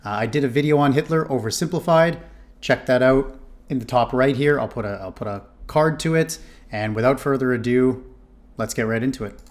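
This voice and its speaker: A man's voice: medium pitch, fairly quick. A man casually commenting on a history video, rambling and correcting himself with many fillers. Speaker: reaction video host.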